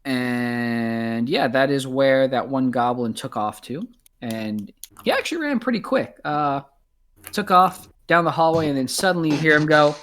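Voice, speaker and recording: A man's voice: medium pitch, a bit bright, a little hiss or hum. A man narrating as game master in a casual way, with many ums and uhs.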